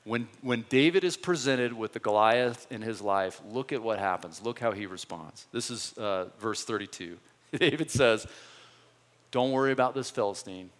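A male pastor giving a sermon, telling the story in an animated, conversational way. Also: fairly low pitch, moderate pace. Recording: long hall reverb.

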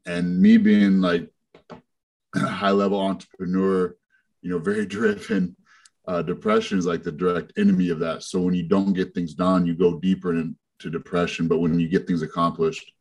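A man's voice: low voice, normal speed, darkish tone. A man as a guest in a casual conversation, talking directly and using everyday analogies.

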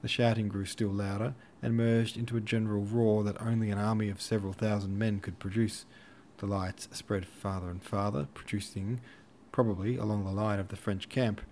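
A man narrating a classic novel in a steady, even storytelling manner. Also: on the low side, slight background noise. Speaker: audiobook narrator. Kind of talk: scripted narration.

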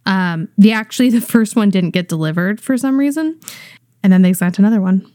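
A woman's voice: medium pitch, fairly quick, dark tone, dry recording, clean studio sound. A woman co-hosting a podcast, talking casually with lots of fillers. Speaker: podcast co-host. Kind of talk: casual chat.

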